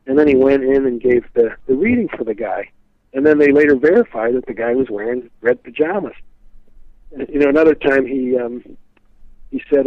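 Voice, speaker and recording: A man's voice: mid-range voice, brisk, no echo. Man rambling over a tinny phone line. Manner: rambling, filler-heavy, animated retelling. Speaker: guest expert. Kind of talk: casual storytelling in an interview.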